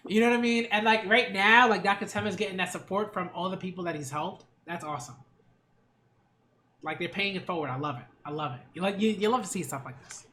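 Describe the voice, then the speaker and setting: A woman's voice: on the low side, quick pace, pushed and bright, slight background noise. A woman reacting to an anime episode in a casual, slangy, exclamatory way. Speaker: manga and anime reviewer.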